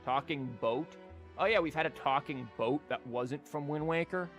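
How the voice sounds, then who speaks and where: A man's voice: on the high side, normal speed, a bit bright, soft background music. A man streaming a video game, giving casual commentary with sarcastic, joking asides.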